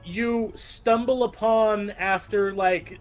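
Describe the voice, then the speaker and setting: A man's voice: high voice, steady tone, takes it slowly, soft background music. A man in casual chat on an art stream, rambling and hesitant with many fillers.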